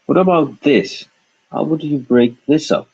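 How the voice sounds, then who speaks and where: Slow, husky male language teacher. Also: fairly high pitch, darkish tone, muffled recording. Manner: repeats words slowly and asks questions to guide the learner. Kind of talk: slow, patient pronunciation lesson.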